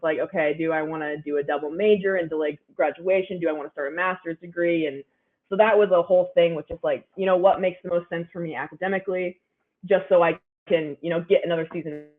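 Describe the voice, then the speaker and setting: A young woman in her twenties, an athlete guest giving upbeat, chatty interview answers full of "like"s. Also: fairly low pitch. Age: 20s. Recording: phone-like narrow line.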